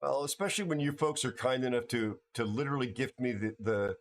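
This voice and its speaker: A tired older American man hosting a casual livestream chat, rambling and halting with many restarts and fillers. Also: mid-range voice. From United States. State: tired from no sleep. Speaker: livestream host.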